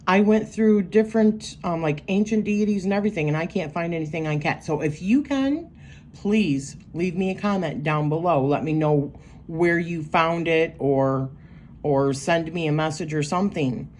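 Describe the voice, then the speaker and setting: A tarot and astrology creator walks casually through her astrology journal pages, rambling and thinking aloud with lots of fillers. Her voice is on the low side and darkish in tone, at a moderate pace, with a little hiss or hum in the background.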